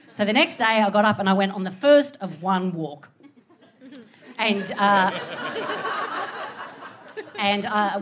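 A woman with an Australian accent telling a comic story on stage, animated and swearing freely as she acts out voices. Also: mid-range voice. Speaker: comedian. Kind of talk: live stand-up storytelling.

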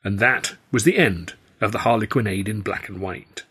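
Male author reading his own first-person novel, husky, wry. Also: on the low side, normal speed, fairly bright tone. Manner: wry, storytelling. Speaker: author and narrator. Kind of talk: audiobook narration, first person.

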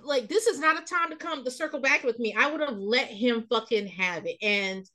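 A woman podcast host with a bright, forceful voice. She talks fast and loose in a casual recap chat. She rants bluntly and swears freely, with a fairly high pitch. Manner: blunt, profane, animated ranting.

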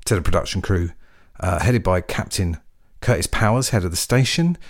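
English male radio DJ, casual and rambling, lower register, very lively delivery. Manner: chatty, jokey, rambling with fillers. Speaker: radio DJ host.

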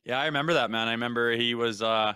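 A man co-hosting a sports show, a former pro player telling stories in a relaxed, casual way. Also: mid-range voice, quick pace, clear, resonant tone, no echo, studio quality. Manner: laid-back, storytelling, frequent "man" and "hey".

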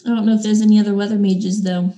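A woman's voice: medium pitch, flat delivery, quick pace, dark tone, echoey room. A young woman co-hosting a casual book discussion, gushing over scenes and acting out the characters' lines playfully. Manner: gushing, retells scenes with playful quoted voices. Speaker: book podcast co-host.

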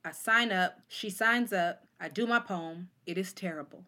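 A woman in her forties with a somewhat low voice tells stories from her life. She keeps the talk casual and animated, dropping into quoted voices as she goes. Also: normal speed. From Oakland, California. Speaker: poet and guest. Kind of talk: casual interview storytelling.

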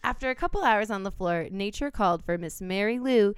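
Lively, laughing woman podcast host. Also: mid-range voice, a little fast, clean tone, dry recording. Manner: laughs often, animated storytelling. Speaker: podcast host reading a listener story. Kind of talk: casual podcast chat.

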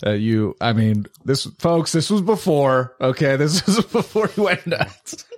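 A man's voice: on the high side, expressive, unhurried, no echo, studio quality. A man hosting a casual podcast, joking and swearing, talking to his listeners as folks. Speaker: podcast host. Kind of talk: casual chat.

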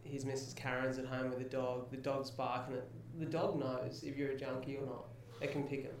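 A young man hosts a casual podcast chat, spinning a story with plenty of swearing. His voice stays level and flat in pitch. It sits well back from the mic in a very echoey room. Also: brisk, a little hiss or hum. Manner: swears freely, animated anecdote-telling. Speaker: podcast host. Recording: roomy echo, mic at a distance.

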